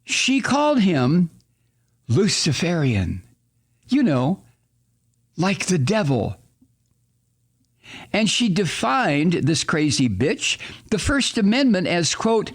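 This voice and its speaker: A man's voice: high-pitched, sing-song, takes it slowly, pauses often, breathy edge. A man hosting a political talk radio show, ranting angrily with lots of profanity and exasperated, sarcastic asides. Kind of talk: political commentary monologue.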